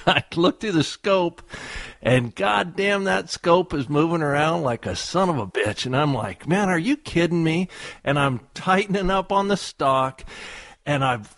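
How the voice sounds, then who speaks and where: A man co-hosting a radio show in casual chat, telling a story in a profane, animated way and laughing often. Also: on the high side, a little slow, creaky, no room sound, clean studio sound. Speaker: radio co-host.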